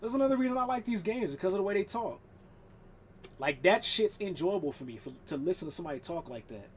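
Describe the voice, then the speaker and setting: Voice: medium pitch, expressive, quick pace, a little hiss or hum. A live streamer chatting casually while gaming, rambling and swearing, laughing often.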